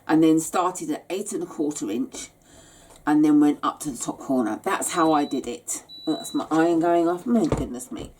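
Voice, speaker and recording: Woman, tired, low and unhurried; rambling craft-tutorial host. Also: a little mellow. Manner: chatty and rambling, many hesitations. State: tired, yawning. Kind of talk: casual step-by-step craft tutorial.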